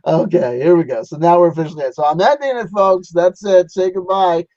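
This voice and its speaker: A man chatting on his livestream in a loose, rambling way, laughing often. His voice sits a little high. The audio is dry and a bit dull. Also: a little fast, darkish tone, no room sound. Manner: laughing, rambling, sentimental sign-off. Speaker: livestream host. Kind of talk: casual livestream chat.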